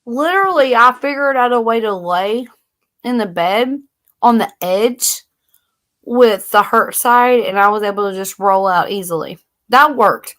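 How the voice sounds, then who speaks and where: A woman's voice: a little high, measured pace, fairly bright tone. A woman hosting a casual live-stream chat, loose and blunt with slang and mild cursing. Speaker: livestream host.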